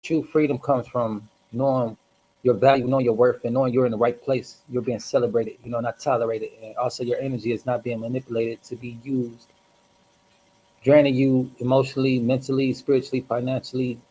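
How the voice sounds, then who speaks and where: Hoarse man musing on a livestream. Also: medium pitch, level tone, fairly quick, mellow, poor audio. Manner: rambling, reflective, clears throat often. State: hoarse from smoking. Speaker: host. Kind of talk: casual livestream monologue.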